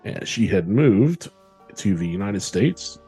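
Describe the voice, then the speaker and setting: A man co-hosting a podcast, telling a true-crime case in a relaxed, casual way with frequent fillers. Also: on the low side, slow pace, slightly rough, soft background music. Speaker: podcast co-host.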